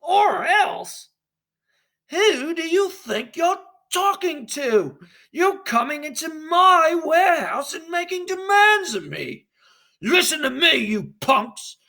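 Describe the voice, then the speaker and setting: A man's voice: very high-pitched, very animated, slow pace, sharp tone, pitched above the performer's own voice, full character voice. A man voicing an indignant loyalist merchant who defends himself and orders people out of his warehouse. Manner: indignant, commanding, raising his voice. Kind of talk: classroom role-play reading.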